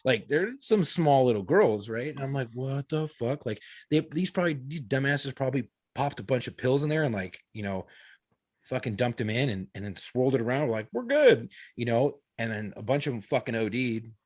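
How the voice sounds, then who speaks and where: A man's voice: medium pitch, fairly quick, a little mellow, dry recording. A man in his thirties, a podcast co-host, telling a story in casual, profane talk full of quoted dialogue. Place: podcast studio.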